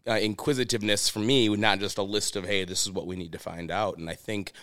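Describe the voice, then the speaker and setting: A man's voice: lowish voice, fairly even intonation, fast talker, a bit bright, no room sound, studio quality. A man, a chef guest on a podcast, chatting casually and telling stories with many restarts and "you know"s. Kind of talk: casual interview chat.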